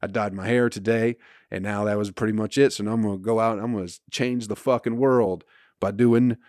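A man's voice: lowish voice, fairly quick, no room sound, clean studio sound. Profane man ranting on a podcast. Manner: swearing, animated storytelling with laughs. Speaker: podcast host. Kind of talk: profane comedic rant.

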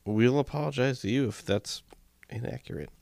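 A man's voice: medium pitch, moderate pace, gravelly, darkish tone, no echo. A man co-hosting a casual podcast, reacting with dry jokes. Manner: laid-back, dry joking replies. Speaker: podcast co-host. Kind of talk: casual chat.

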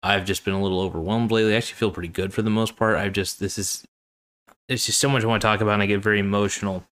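Tired male host, low-pitched voice, rambling and earnest, repeats himself. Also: fairly even intonation, racing, a bit bright. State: tired, yawning. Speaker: podcast host. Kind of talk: casual solo talk.

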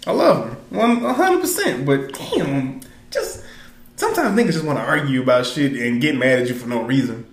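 A man's voice: mid-range voice, big pitch swings, moderate pace, reverberant. A man co-hosting a podcast, joking around in casual, slangy banter, recorded on a stand mic in a small studio. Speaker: podcast co-host.

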